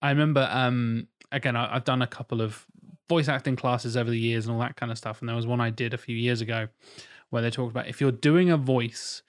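A man talking in a rambling, loose podcast chat, mid-pitched and plain-voiced. He is blunt and swears freely as he gets worked up. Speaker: podcast co-host. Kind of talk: casual chat.

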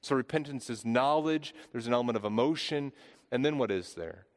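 A man's voice: medium pitch, expressive, brisk. A man in his thirties preaching a sermon, earnest, often repeating and restarting phrases. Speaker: pastor. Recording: long hall reverb.

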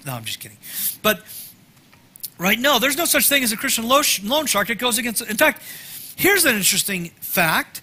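A man preaching a sermon in a conversational style, with joking asides to the congregation and swings from loud emphasis to soft near-whispers. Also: high voice, big pitch swings, moderate pace, slight background noise. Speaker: pastor.

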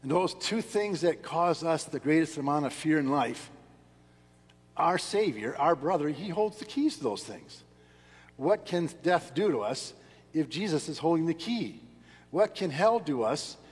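A male pastor delivers an earnest sermon in a husky voice, leaning hard on his key words. His voice rings out with a long reverb through a church sanctuary. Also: fairly high pitch, expressive, measured pace. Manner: earnest, emphatic preaching with rising stresses.

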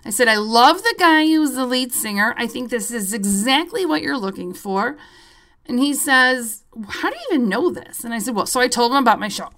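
A woman podcast host telling a story in a casual, animated and profane way, with wry asides. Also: a little high, moderate pace.

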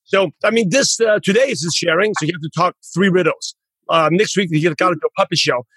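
Podcast host, male, husky and quick, rambling chat. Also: high voice, fairly bright tone, dry recording. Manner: rambling, self-correcting, proud father. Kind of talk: casual interview chat.

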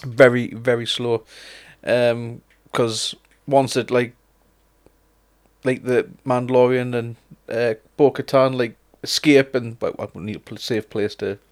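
A man's voice: medium pitch, fairly even intonation, measured pace. Laid-back man, casual chat. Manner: laid-back, rambling, laughs often, swears. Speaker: podcast co-host.

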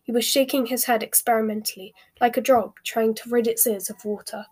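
A woman reading a novel aloud as narrator, steady and measured. Her voice sits fairly high with a soft, breathy texture. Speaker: audiobook narrator. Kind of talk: scripted narration.

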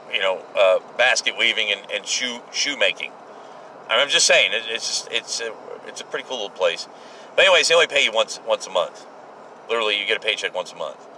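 Sharp-voiced man telling a rambling story. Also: medium pitch, a little hiss or hum, poor audio. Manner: rambling, repeats and restarts, emphatic. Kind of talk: casual spoken storytelling.

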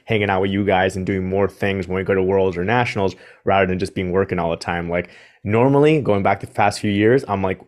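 Low-voiced rambling man. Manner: rambling, many fillers. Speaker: podcast guest. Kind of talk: casual chat.

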